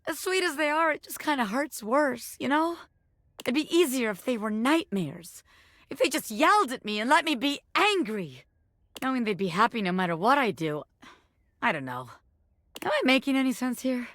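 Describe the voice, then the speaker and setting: Bobby Pin, a tough little gangster pin. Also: female voice, sits high, big pitch swings, moderate pace, fairly bright tone, no echo, clean studio sound, heavily acted. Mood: wistful. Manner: tough streetwise talk, tender underneath. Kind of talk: video game voice acting.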